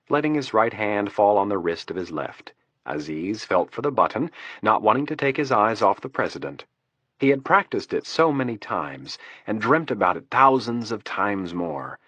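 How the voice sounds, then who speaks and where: Low, husky male audiobook narrator. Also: dry recording. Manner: steady, measured. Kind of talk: scripted narration. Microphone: close studio mic.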